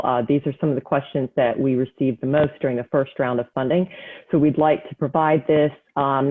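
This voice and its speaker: A woman hosting a county business webinar, speaking in a clear, measured way and spelling things out slowly. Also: low voice, phone-quality sound. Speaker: webinar host, county economic development staff. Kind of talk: scripted webinar presentation.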